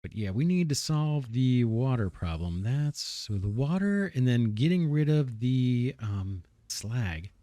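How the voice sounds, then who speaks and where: A man at a middle pitch narrates his own gameplay, musing and correcting himself as he plans. His voice sounds a little worn, as if he is starting to lose it. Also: very animated, slow, few pauses, mellow, no echo, studio quality. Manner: thinking aloud, musing and self-correcting. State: slightly losing his voice. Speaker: let's play host. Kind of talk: casual gameplay commentary.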